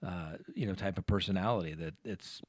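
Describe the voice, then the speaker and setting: A man hosts an interview in a casual, conversational way, often repeating words as he gathers his thoughts. His voice sits fairly low, and the sound is dry and close. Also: brisk, no room sound. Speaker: host, trial attorney.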